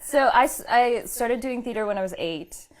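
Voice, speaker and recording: A woman's voice: a little high, moderate pace. A woman who founded and runs a theater company, answering interview questions thoughtfully, with fillers and easy laughs.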